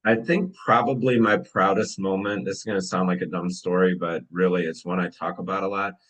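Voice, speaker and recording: A middle-aged man, an emergency physician, talking casually with students and telling stories in a relaxed, conversational way with many fillers. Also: deep voice, fairly quick, poor audio. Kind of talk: casual storytelling talk.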